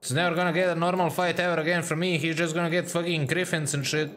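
A man's voice: a little high, level tone, quick pace, a bit bright, a little hiss or hum. Crude jokey guy streaming a game, headset mic right at his mouth. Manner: crude, joking, chatty, reads chat aloud. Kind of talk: casual live-stream commentary. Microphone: headset mic close to the mouth.

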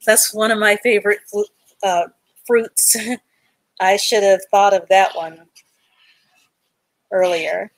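A woman's voice: medium pitch, steady tone, slow, long pauses, dry recording. A woman teaching an adult reading class live online, patiently sounding out letters and words and praising learners from the chat.

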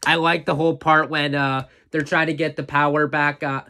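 A man with a somewhat high voice talks through a film he loves in a casual review. He rambles, leaning on "uh" and "you know" as he recaps scene after scene, clearly an eager fan. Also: flat delivery, moderate pace, sharp tone. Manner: enthusiastic fan, chuckles often. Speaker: movie reviewer. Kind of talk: casual spoken movie review.

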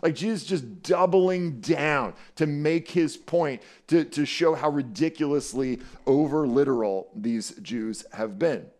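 A middle-aged man preaching a conversational sermon as pastor, playful and animated, often checking in with "right?" and acting out scripture quotes. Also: on the high side, a little slow, few pauses. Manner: acts out scripture quotes dramatically.

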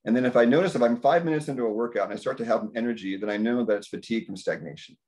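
Speaking rapid-fire, a man in his fifties who works as a health practitioner rambles casually through stories at a community dinner held indoors. He voices his own thoughts in a higher pitch as he animatedly tells them.

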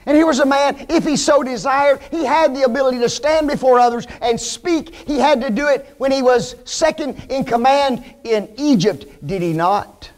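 A man's voice: extremely high pitch, normal speed, hardly any pauses. A man preaching a sermon to his congregation, emphatic and fond of rhetorical questions.

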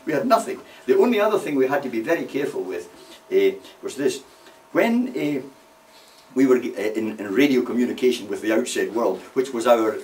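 A man's voice: on the low side, a little mellow. An older man, a war veteran telling rambling anecdotes with many "you see" asides. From Scotland. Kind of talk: anecdotal storytelling. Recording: voice from far off the mic.

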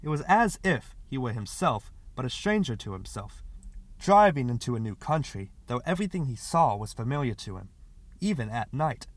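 A man reading a short story aloud as an audiobook narrator, in expressive scripted narration. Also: medium pitch.

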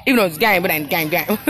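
A woman's voice: on the low side, a bit bright, rough recording. A woman giving casual, upbeat live commentary on her phone while walking around an outdoor park event, laughing often. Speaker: live-streamer at a community event. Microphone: phone camera, live stream. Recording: outdoor noise behind.

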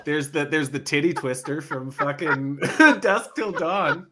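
A man co-hosting a podcast in casual chat, animated, swearing freely and laughing often. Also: a little high, unhurried, noisy background. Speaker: podcast co-host.

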